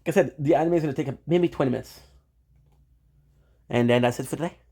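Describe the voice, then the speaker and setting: A man's voice: fairly high pitch, quick pace, vocal fry, mellow, husky. A man live-streaming, rambling playfully and talking straight to his viewers. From Canada. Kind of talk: casual live-stream chat.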